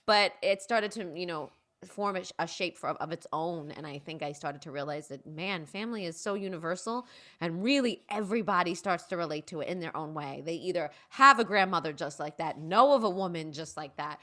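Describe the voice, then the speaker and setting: A young woman chats as an interview guest, her voice bright and forward. She tells family stories with a lively, animated delivery, jumping into the voices of her relatives and laughing as she goes. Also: lowish voice, fairly quick. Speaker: playwright and performer, guest. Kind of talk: casual interview chat.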